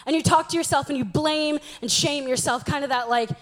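A woman's voice: high-pitched, a little fast. A young woman giving a humorous church talk, telling stories about herself in a chatty, self-mocking way. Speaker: youth speaker.

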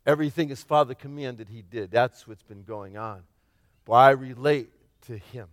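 A man preaching a sermon, retelling a parable with dramatic swings from shouting to near-whispers and acting out the characters. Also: medium pitch, moderate pace, no echo, clean studio sound. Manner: acts out the parable's characters in his own voice.

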